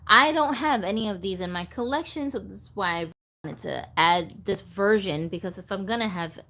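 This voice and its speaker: A woman hosts a relaxed livestream for doll collectors. She talks in a loose, rambling way, with plenty of "like" and "you know", and stops now and then to answer viewer comments. Her voice sits at a medium pitch. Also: normal speed. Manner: chatty, rambling, reads viewer comments aloud. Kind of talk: casual livestream chat.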